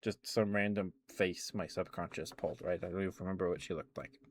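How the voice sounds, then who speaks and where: ASMR streamer, man, lowish voice, soft rambling chat with giggles, close mic. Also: fairly even intonation, a little fast, slight background noise. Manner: rambling, laughs often, greets chat warmly. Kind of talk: soft-spoken chatty storytelling stream.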